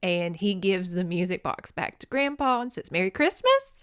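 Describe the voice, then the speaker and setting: A woman's voice: lowish voice, animated, normal speed, clean tone, dry recording, studio quality. A woman hosting a podcast, giving a folksy, sentimental recap of a movie and laughing often. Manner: fond and sentimental storytelling. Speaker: podcast host.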